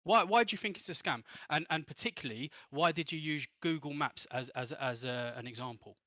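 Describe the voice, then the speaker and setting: A man's voice: a little high, brisk, sharp tone, no echo, clean studio sound. A man calling into voice chat, arguing in a heated, stumbling and insistent way. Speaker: caller on voice chat. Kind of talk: argumentative voice-chat debate.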